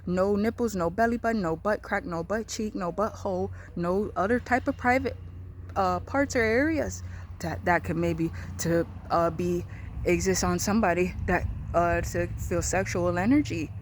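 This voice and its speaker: A woman's voice: lowish voice, normal speed, a little hiss or hum. A woman vlogging in a rambling monologue, repeating herself and swearing as her thoughts wander. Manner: rambling, repetitive, profane, loose trains of thought.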